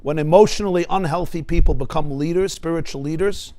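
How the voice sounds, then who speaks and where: A man, a rabbi, teaching a class with animated stories and rhetorical questions. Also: a little high, brisk. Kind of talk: Torah class lecture.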